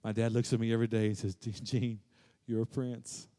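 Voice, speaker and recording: Man, pastor, sermon, rises to loud peaks then drops quiet, repeats lines. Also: flat delivery, moderate pace. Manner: preaching with big swings from loud and high to quiet and low; repeats phrases for emphasis.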